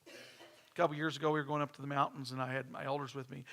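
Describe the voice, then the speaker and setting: A man's voice: medium pitch, flat delivery, fast talker, a bit bright. A middle-aged man, preaching a sermon in church with folksy stories and phrases repeated for emphasis. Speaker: pastor.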